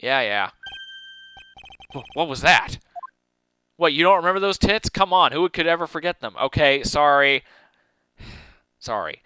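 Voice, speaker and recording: A man's voice: fairly high pitch, lively intonation, a little slow, pauses often, bright, forceful tone, smooth, no echo. A young man casually joking his way through gameplay commentary as a let's play host. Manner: joking, irreverent.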